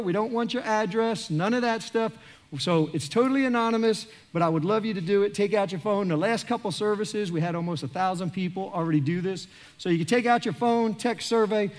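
Animated pastor preaching. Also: male voice, high voice. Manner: animated, joking, acts out quoted voices. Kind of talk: sermon. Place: large church auditorium.

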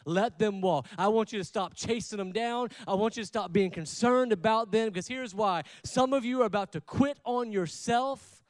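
A pastor preaches a sermon, leading his congregation in call-and-response and swinging between loud stresses and quiet asides. His voice is high-pitched and moves at normal speed with hardly any pauses. The recording is dry.

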